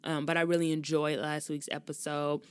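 A woman's voice: deep voice, moderate pace, clear, resonant tone, no echo. Chatty young woman podcast host, dry sound. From Chicago, US Midwest. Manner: chatty, animated, laughs often, slangy. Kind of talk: casual solo podcast chat.

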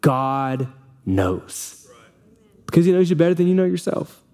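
A man's voice: fairly high pitch, sing-song, measured pace, warm tone. A young man preaching a sermon as pastor, earnest, reading scripture aloud and sometimes restarting his sentences.

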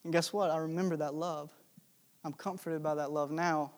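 A young man preaching a sermon in a relaxed, storytelling way, chatty and joking with lots of fillers. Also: on the high side, normal speed. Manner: conversational, jokey, with many fillers.

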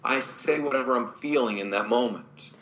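A man's voice: mid-range voice, moderate pace, fairly bright tone, low-quality recording. A man speaking as a dating coach in a podcast interview, emphatic and blunt. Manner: emphatic, blunt, acts out quoted voices.

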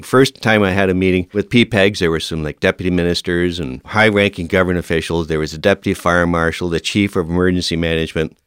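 Low-voiced man telling stories. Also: smooth, dry recording, studio quality. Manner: animated, emphatic storyteller who laughs often. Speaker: fire service officer, guest. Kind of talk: casual anecdotal storytelling.

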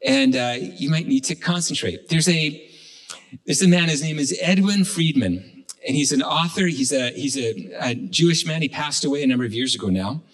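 A man's voice: on the high side, poor audio. A man preaching a sermon, retelling a fable with frequent restarts. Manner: halting, with many restarts and fillers. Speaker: pastor. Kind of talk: sermon storytelling.

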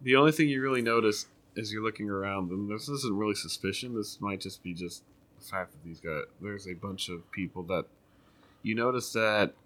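Male game master, rambling casual narration, bright lower voice. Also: normal speed. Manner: loose, rambling narration with fillers.

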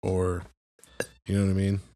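A man's voice: low-pitched, monotone, moderate pace, warm tone, dry recording, studio quality. A man co-hosting a podcast over a video call, chatting casually and teasing the guest. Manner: teasing, joking. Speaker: podcast co-host. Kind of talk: casual chat.

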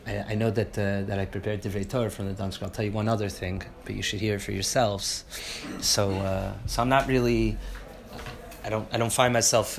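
Man teaching a religious class, gravelly, halting and full of restarts, sometimes quiet, sometimes fervent, faint background noise. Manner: halting, many restarts and fillers; moves between low reflective talk and loud fervent teaching. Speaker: Torah teacher. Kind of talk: Torah class lecture.

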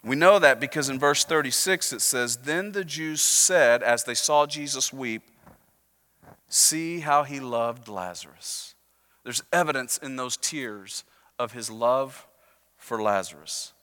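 A man preaching a sermon as a pastor, conversational and joking, slowing down and dropping soft on key words. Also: mid-range voice. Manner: conversational preaching with jokes, slowing and softening for emphasis. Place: church sanctuary. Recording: long reverb of a church hall.

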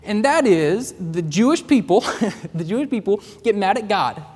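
High-voiced man preaching in a hall. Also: lively intonation, darkish tone, breathy edge. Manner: emphatic preaching with dramatic pauses. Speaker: preacher at a college chapel. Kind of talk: sermon. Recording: long hall reverb.

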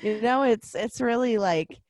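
A woman's voice: fairly high pitch, measured pace, a little mellow, no room sound. A woman co-hosting a podcast in casual chat, laughing often and restarting her sentences as she tells a story. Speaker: podcast co-host.

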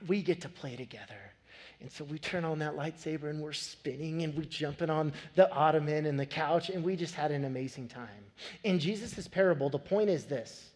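A man in his thirties preaching a sermon, telling a family story with animated, building emphasis. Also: on the high side. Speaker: pastor. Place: church sanctuary. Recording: long hall reverb.

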